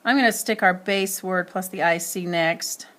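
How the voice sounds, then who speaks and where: A woman's voice: lowish voice, moderate pace, a bit bright. A woman teacher giving a spelling lesson, speaking carefully and spelling words out letter by letter.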